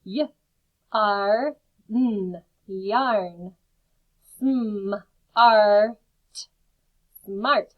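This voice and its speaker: Slow, careful woman teacher sounding out words. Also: mid-range voice, phone-quality sound. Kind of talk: remote phonics lesson for young children.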